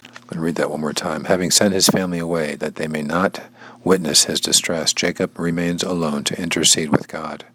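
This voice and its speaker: A man's voice: low-pitched, steady tone, fairly quick, fairly bright tone, husky, rough recording. A man reading a devotional passage aloud, then paraphrasing it casually and repeating phrases, sometimes dropping into a whisper. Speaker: bible study teacher and language learner.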